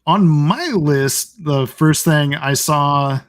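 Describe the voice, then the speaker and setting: A man co-hosting a casual gaming podcast, talking in an unhurried way and searching for words. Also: fairly high pitch. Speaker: podcast co-host.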